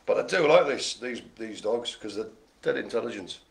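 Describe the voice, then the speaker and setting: A man's voice: mid-range voice, lively intonation, moderate pace, creaky. A man hosting a live bingo game, calling out numbers and rambling through jokey asides. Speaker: bingo host.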